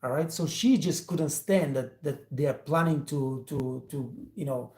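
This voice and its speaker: A man's voice: fairly high pitch, measured pace, mellow, reverberant. A man hosting a training channel, telling a motivational story and speaking straight to his viewers in emphatic, non-native English. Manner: emphatic, addresses listeners directly, non-native English phrasing. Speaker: host, restaurant trainer.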